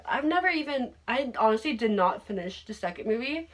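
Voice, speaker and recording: A woman's voice: on the high side, fairly quick. Gushing young woman podcast host. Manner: gushing, excitable, swears freely. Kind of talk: casual chat.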